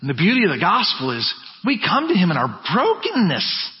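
A man preaching a sermon as pastor, emphatic, dropping to low quiet phrases and building back up. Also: huge pitch swings, fairly quick. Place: church sanctuary. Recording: muffled church recording with long reverb.

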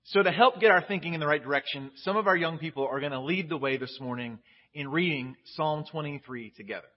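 A man's voice: fairly high pitch, quick pace, a little hiss or hum. A man preaching as a pastor in a casual, candid sermon, chatty and restarting his phrases. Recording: dull lo-fi audio.

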